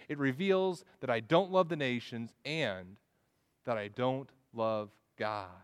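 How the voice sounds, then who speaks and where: Man preaching earnestly, slightly high voice, lots of restarts, long church hall echo. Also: fairly bright tone. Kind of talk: sermon.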